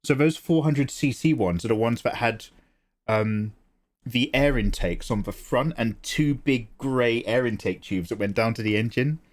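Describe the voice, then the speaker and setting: A middle-aged British man hosting a livestream, chatting casually with viewers and answering them with quick jokes and asides. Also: mid-range voice. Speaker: livestream host. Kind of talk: casual chat with viewers while drawing.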